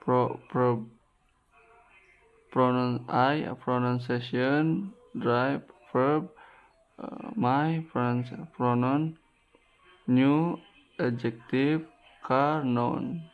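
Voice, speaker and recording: A man with an Indonesian accent reading out a class presentation, halting and restarting words often. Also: medium pitch, fairly even intonation, clear, resonant tone. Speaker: student presenter. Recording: dull lo-fi recording.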